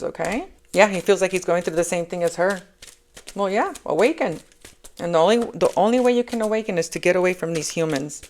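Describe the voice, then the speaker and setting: A woman's voice: on the low side, a little fast, a little mellow, a little hiss or hum. A woman giving a casual spoken tarot reading. She rambles, repeats herself and keeps checking in with "okay?". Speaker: tarot reader.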